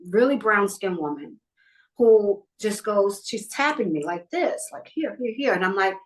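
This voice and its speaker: A woman's voice: mid-range voice, lively intonation, measured pace, a little hiss or hum, poor audio. A middle-aged woman from New York telling a personal story in a podcast interview, acting out what other people said. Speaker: guest.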